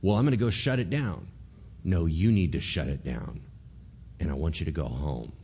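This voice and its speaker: A man preaching a sermon, animated, acting out characters' voices and asking rhetorical questions. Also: extremely low pitch, normal speed, creaky, breathy edge. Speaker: pastor.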